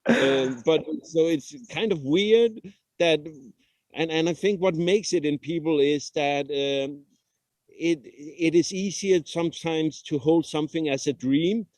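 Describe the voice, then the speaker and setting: A man, a traveling father, answering thoughtfully in a casual interview, pausing often with "uh". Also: on the high side, a little mellow, dry recording. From Denmark. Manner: reflective, halting with frequent "uh".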